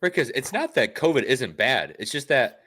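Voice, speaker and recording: A man's voice: mid-range voice, very animated, normal speed, pushed and bright. A man co-hosting a casual podcast who asks incredulous, questioning things. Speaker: podcast co-host.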